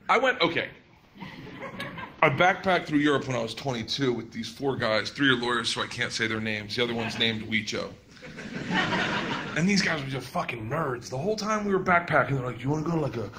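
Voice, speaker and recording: Animated high-voiced male stand-up comic. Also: heavy background noise. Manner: animated, profane storytelling with laughing asides. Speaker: stand-up comedian. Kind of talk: stand-up routine. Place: comedy stage before a live audience.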